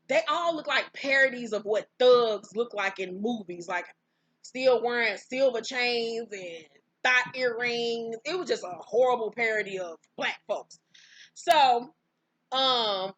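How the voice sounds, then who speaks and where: A woman recapping a reality show in casual, profane storytelling, bursting into high, loud exclamations. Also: slightly rough, no echo. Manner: profane, brash, outspoken commentary; breaks into high-pitched exclamations.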